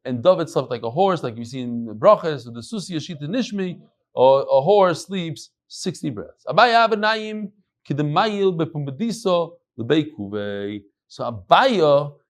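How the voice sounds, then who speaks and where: A middle-aged man, a rabbi, giving an animated Talmud lecture, moving between quoted Aramaic and chatty English asides. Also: on the high side. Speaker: rabbi teaching a daily Talmud class.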